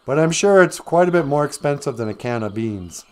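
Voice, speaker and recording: A man's voice: a little high, animated, a little fast, a little mellow, clear, resonant tone. A man hosting a live stream, retelling a fairy tale casually with rambling, joking asides. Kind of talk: casual comedic storytelling.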